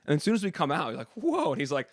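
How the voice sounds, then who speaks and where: A man co-hosting a podcast, telling a story in quick, animated casual chat full of slang. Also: on the high side, no room sound, studio quality. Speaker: podcast co-host and sports reporter.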